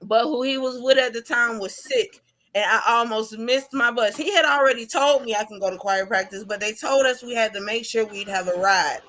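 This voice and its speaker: A woman's voice: on the high side, moderate pace, a bit bright. A woman talking about her father in a casual, heartfelt podcast chat, laughing often. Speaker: podcast guest.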